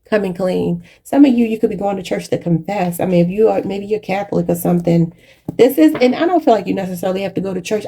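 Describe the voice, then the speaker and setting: A woman's voice: mid-range voice, fairly quick, gravelly, warm tone, slightly rough. A woman giving a channeled tarot reading in a preachy, spiritual way, often calling her viewers "y'all". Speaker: tarot reader.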